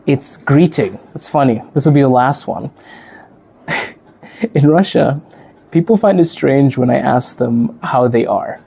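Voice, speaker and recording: A man's voice: mid-range voice, vocal fry, mellow, breathy edge. A man from Africa who hosts a podcast, chatting casually to the camera, laughing often and acting out the people he quotes. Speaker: podcast host and teacher.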